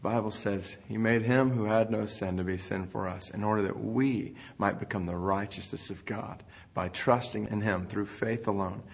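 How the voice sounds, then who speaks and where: A man's voice: sits low, gravelly, breathy edge. A man preaching a sermon in an earnest manner, building intensity as he speaks.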